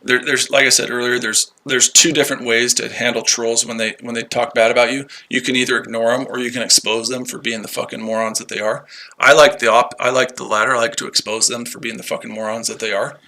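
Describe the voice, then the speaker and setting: A man's voice: mid-range voice, little pitch movement, fast, bright, forceful tone. A man hosting a live trading stream, talking to his chat viewers in a combative, profane way and repeating himself a lot. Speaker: livestream trading host. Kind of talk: unscripted livestream talk to chat viewers.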